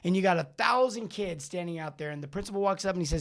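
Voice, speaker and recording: A middle-aged man hosting a live show, coaching plumbing business owners in a rambling, animated way. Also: sits high, quick pace. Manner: animated, rambling, talks back to live chat. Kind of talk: live-streamed coaching talk.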